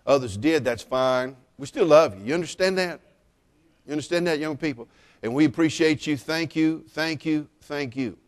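A middle-aged man preaching at a church service, teasing the congregation with jokes and rising to loud exclamations. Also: on the high side, moderate pace. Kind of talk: sermon with humorous asides.

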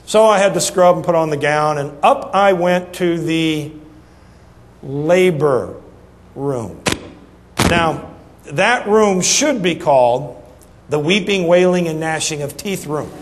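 A middle-aged man preaching a sermon, telling a humorous story in an animated, folksy way that swings between loud punchlines and soft asides. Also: a little high, takes it slowly, a little hiss or hum. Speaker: pastor. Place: church sanctuary. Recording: reverberant church hall, faint ambience.

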